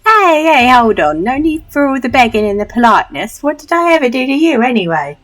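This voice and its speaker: A woman voicing a cheeky young thief boy in a put-on Cockney accent, jeering and rough-spoken. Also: very animated, fairly quick, fairly bright tone. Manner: shrill, jeering, rough street talk.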